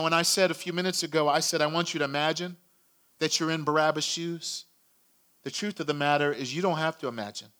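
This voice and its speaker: A man giving a sermon, retelling a story dramatically with acted shouts and hushed passages. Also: on the high side. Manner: dramatic storytelling, acting out crowd shouts, dropping to a hush. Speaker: preacher.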